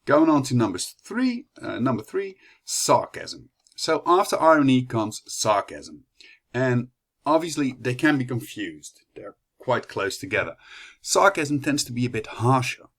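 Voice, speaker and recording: A man's voice: mid-range voice, big pitch swings, a little slow. Dutch-accented young man giving a class talk. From Netherlands. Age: young adult. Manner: chatty, many fillers and restarts. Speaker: student presenter. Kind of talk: class presentation.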